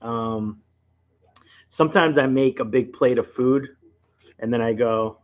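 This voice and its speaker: A man's voice: mid-range voice, slow pace, long pauses, highs cut off. A man with a Rhode Island accent hosting a casual late-night livestream from home, rambling and chatting straight to his viewers. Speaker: livestream host.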